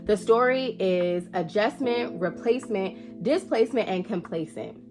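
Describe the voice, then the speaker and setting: A woman's voice: medium pitch, unhurried, over music. A woman with a stuffy, nasal voice from allergies, chatting casually and playfully to her viewers about her book collection, with the odd swear word. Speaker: book vlogger. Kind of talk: casual chat to camera.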